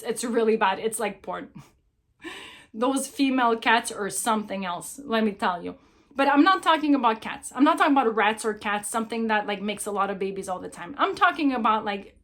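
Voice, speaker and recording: A middle-aged woman with a high, bright-pitched voice speaks in a casual, motivational way. She tells stories animatedly, drives her points home by repeating them, and slips into quick acted-out exchanges. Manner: animated storyteller, acts out quoted voices, emphatic repetition. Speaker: relationship speaker.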